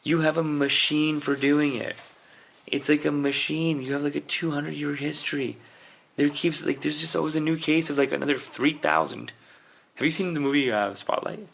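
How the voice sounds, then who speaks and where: A man's voice: fairly high pitch, fairly even intonation, normal speed, gravelly, a bit bright, slight background noise. A man co-hosting a comedy podcast, rambling through stories in casual chat and calling people "dude" and "man". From Canada. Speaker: podcast co-host. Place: indoors, podcast recording.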